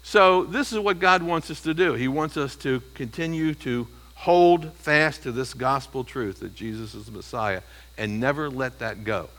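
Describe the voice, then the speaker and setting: A man's voice: medium pitch, moderate pace, fairly bright tone, low-quality recording. A man preaching a verse-by-verse sermon in a conversational way, often checking in with the congregation. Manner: conversational preaching, frequent "okay?" and "you see" checks. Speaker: pastor. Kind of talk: expository sermon.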